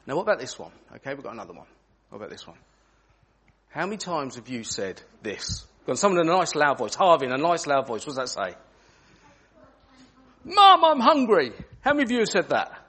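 A man's voice: medium pitch, fast, breathy edge. A man leading an interactive children's talk in church, asking the children questions as he goes. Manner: animated, asks children questions.

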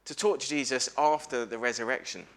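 A man giving a lively family sermon in church, telling a story and asking the congregation questions. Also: medium pitch, brisk. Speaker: preacher at a family service. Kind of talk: lively all-age sermon with questions to children.

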